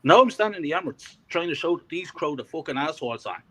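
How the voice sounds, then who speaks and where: Man, casual chat, heavy swearing, lively up-and-down pitch, fairly high voice. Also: quick pace. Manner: swearing heavily, heated and animated storytelling. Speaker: co-host of a fan podcast.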